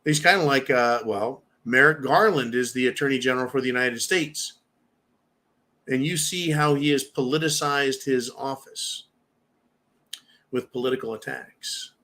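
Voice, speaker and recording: At a moderate pace and with a sharp tone in the middle range, a fifty-something preparedness host addresses his audience head-on. He delivers a blunt, heated, opinion-driven monologue, cursing freely.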